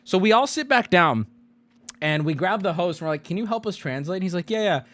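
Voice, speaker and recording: A man streaming to his chat, telling a travel story in a lively way and jumping into squeaky put-on voices for the people he quotes. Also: fairly quick. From United States. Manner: lively, swings into high squeaky voices when quoting people.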